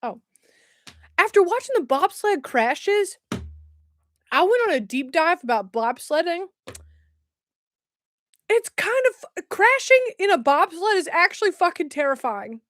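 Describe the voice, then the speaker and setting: A woman with a high, bright voice runs a casual livestream. She chats freely, laughs often and reads comments aloud. The sound is dry and close to the mic. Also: sing-song, unhurried, long pauses, dry recording. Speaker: livestream host. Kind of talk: casual live chat.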